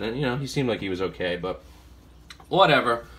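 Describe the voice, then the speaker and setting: A chatty man rambles through a casual comic-haul vlog at a middle pitch. He wanders from story to story, leaning on fillers, and acts out what he said to sellers. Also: animated, brisk, a bit bright. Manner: rambling storyteller, acts out his own quotes. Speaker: comic collector vlogger.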